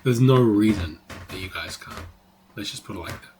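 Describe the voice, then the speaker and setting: A man's voice: fairly low pitch, normal speed, a little mellow, slight background noise. A man teaching trading on a live stream, talking casually, swearing freely and saying "like" a lot. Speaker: trading educator.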